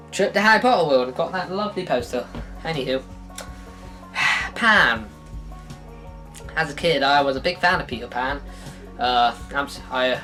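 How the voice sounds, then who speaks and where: A man talks through a film review in a loose, rambling way, with sighs, restarts and sarcastic asides. His voice sits at an ordinary middle pitch. Soft guitar music plays faintly behind him.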